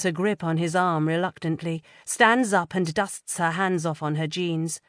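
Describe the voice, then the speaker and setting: A woman reading a first-person psychological thriller audiobook in a measured, tense way. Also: on the low side, no echo, clean studio sound. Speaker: audiobook narrator.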